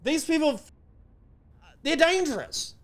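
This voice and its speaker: A man's voice: very high-pitched, big pitch swings, slow pace. A man co-hosting a podcast, ranting sarcastically and swearing freely in casual banter. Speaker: podcast co-host.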